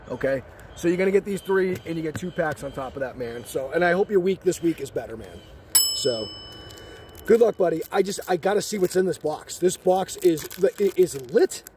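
An excited man hosting a card-opening video, exclaiming and joking in slangy chat, so thrilled he says he is shaking. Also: high-pitched, slight background noise. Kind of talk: excited box-opening vlog.

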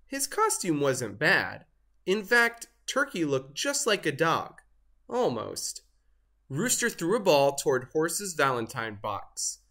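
A reader narrating a children's picture book aloud in an expressive, sing-song way. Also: mid-range voice, slow. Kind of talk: storybook read-aloud narration.

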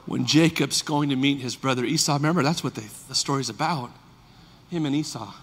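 A man in his fifties, a pastor preaching a sermon, moving from soft, confiding talk to shouted, fervent passages. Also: medium pitch, fairly quick, big-room sound, a little hiss or hum. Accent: Californian.

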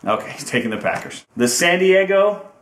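A man's voice: sits high, very animated, moderate pace, fairly bright tone. A man hosting a casual football predictions video, upbeat and teasing, stretching out team names for fun. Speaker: host of a sports picks video. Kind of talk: casual sports predictions chat. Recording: echoey room.

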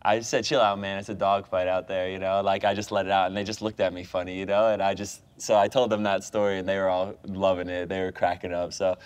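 A young American man speaks in a fairly low voice, spinning an animated story full of "like" and "you know." He laughs often and keeps the tone loose and conversational. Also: fast talker, hardly any pauses, clear, resonant tone. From United States. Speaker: guest, professional goalkeeper. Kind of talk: casual chat.

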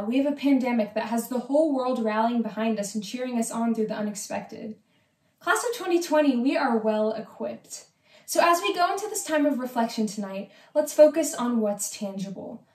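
A young woman delivers a graduation speech in an earnest tone with light humor. Her voice is fairly high and rings in a noticeably echoey room. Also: darkish tone. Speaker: senior class historian. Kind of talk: ceremony speech.

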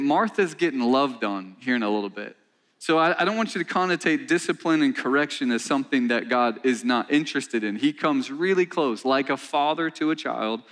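A man's voice: medium pitch, fairly bright tone. A man preaches in a church, talking to the congregation like he's chatting with them. He restarts phrases and fires off questions to keep the room with him. His voice rises and falls a lot and his pace keeps changing. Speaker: pastor. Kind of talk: sermon. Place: church sanctuary.

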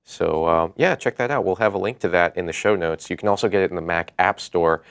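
A man's voice: low voice, brisk, gravelly, fairly bright tone, smooth, dry recording. A man co-hosting a web development show, talking through tools in an enthusiastic, conversational way. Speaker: co-host. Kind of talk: casual tech show chat.

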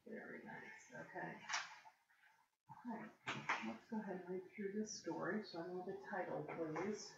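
A woman tutoring a reader one-on-one, patient and encouraging, explaining words slowly. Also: fairly low pitch, vocal fry, very noisy. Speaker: reading tutor. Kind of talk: one-on-one reading lesson. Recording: distant, echoey, dull-sounding room recording.

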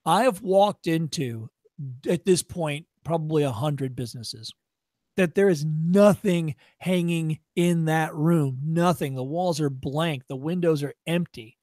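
A man giving a workshop lecture, blunt and profane, coaching with tough love and acting out shopkeepers in quick voices. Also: fairly high pitch, darkish tone, no echo, studio quality. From Chicago area. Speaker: workshop presenter.

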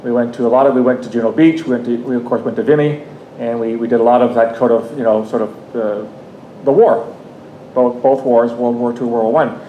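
Canadian guy in his 50s telling a story at a talk, chatty, restarts a lot, echoey room with faint rumble. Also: steady tone, brisk, lo-fi sound. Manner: conversational, restarts often, reflective asides. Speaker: guest speaker. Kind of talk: public talk with personal storytelling.

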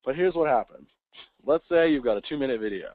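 A man giving a casual webinar talk, acting out quick voices of kids and parents. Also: mid-range voice, expressive, dry recording. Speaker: webinar presenter. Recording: tinny phone-like line, dry.

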